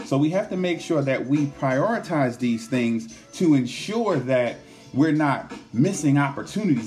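A man's voice: mid-range voice, a little mellow. A man giving an earnest motivational self-help talk, often repeating words and tagging his points with "right?". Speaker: motivational speaker.

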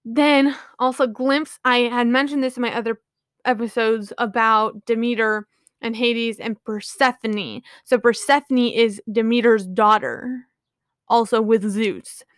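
Woman host, slightly high and smooth voice, loose chatty retelling, lots of "like"s, keeps apologizing. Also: fairly even intonation, measured pace, dry recording, studio quality. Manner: rambling, filler-heavy, often apologizing. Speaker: podcast host. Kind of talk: casual retelling of a book.

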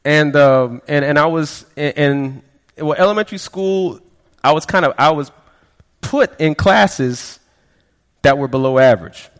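A man with a slightly high voice preaches a personal testimony, speaking in a loose, storytelling way. He often catches on a word and repeats it before moving on. His voice rings out with a long reverb, as in a large hall. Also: unhurried. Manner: conversational storytelling, frequent stammered repeats, quotes people in quieter voices. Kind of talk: sermon testimony.

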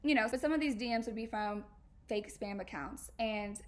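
A young woman talks straight to her listeners in a candid podcast chat. Her voice sits a bit high, and her casual slangy delivery jumps into loud emphatic bursts and frequent laughs. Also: normal speed. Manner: animated, slangy, laughs often, emphatic outbursts. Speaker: podcast host.

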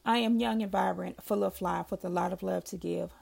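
A woman reading her own poems aloud, slow and soft-spoken, with long heartfelt pauses between lines. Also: mid-range voice, steady tone, creaky.

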